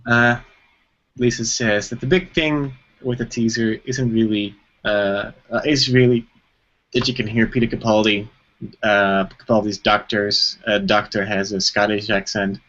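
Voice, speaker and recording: A man's voice: on the low side, flat delivery, a little slow, a bit bright. Man, co-host on a lo-fi live stream; rambling casual chat full of fillers. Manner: rambling, lots of fillers and restarts. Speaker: co-host of a live web show. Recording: dull lo-fi stream audio.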